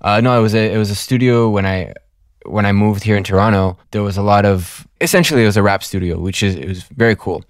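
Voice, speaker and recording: A man with a somewhat low voice speaks in a dry, close sound. He is a music producer, making his points with emphatic exasperation as a podcast guest. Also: quick pace, no echo. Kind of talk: casual podcast chat.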